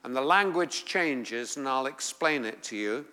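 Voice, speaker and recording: A man with an English accent, from England, teaching a Bible class, reading scripture aloud and explaining it in a deliberate way. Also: medium pitch, expressive, bright, forceful tone, smooth, in a large hall.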